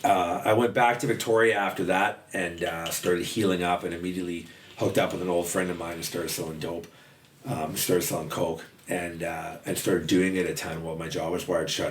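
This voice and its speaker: A man's voice: low-pitched, level tone, normal speed. A man guesting on a podcast, telling candid stories in a rambling, profane way, full of "like" and restarts. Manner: rambling, profane, heavy use of "like". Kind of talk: candid storytelling about addiction. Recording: roomy, distant mic, faint background noise.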